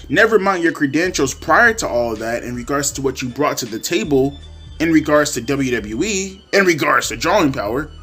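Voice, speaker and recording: A man's voice: on the high side, fairly bright tone. A young man ranting in a wrestling commentary vlog, profane and repetitive, slipping into mocking voices. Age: young adult.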